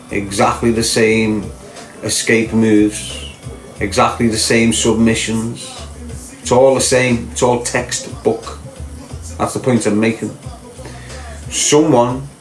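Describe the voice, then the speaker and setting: A podcast host with a Liverpool accent chats casually, rambling loosely and often tagging his points with rhetorical questions. His pitch is an ordinary middle range, and he's in a roomy, echoey space with faint music underneath.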